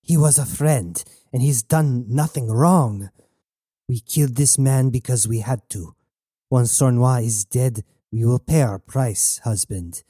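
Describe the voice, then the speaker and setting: A man's voice: mid-range voice, measured pace, mellow, breathy edge, no echo, clean studio sound. A man doing a cold resolute mother. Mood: stern. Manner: firm, controlled. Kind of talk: audiobook narration.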